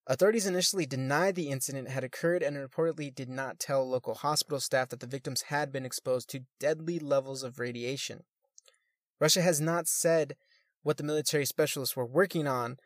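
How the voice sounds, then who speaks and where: A man's voice: mid-range voice, dry recording, clean studio sound. A man reading news articles aloud and adding crude, swearing comments between them, sometimes stumbling over words.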